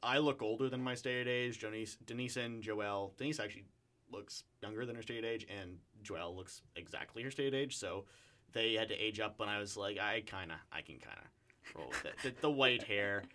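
A man's voice: fairly low pitch, a little fast, sharp tone. A man talking as an actor guest in a casual chat, telling anecdotes in a chatty way with many fillers.

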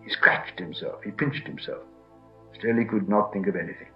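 A man's voice: fairly low pitch, normal speed, dull audio, soft background music. A man narrating a storybook expressively, performing the character voices himself. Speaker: audiobook narrator.

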